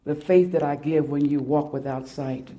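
A woman preaching a sermon and reading a poem aloud. She speaks dramatically, swelling loud and then dropping to hushed, near-whispered lines. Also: low-pitched, fairly even intonation, moderate pace.

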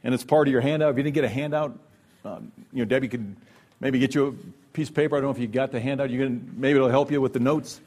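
A man's voice: mid-range voice, fairly even intonation, fast talker, a little mellow. A middle-aged man giving an earnest, conversational Christian workshop talk, often checking in with "right?". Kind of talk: sermon-style workshop talk.

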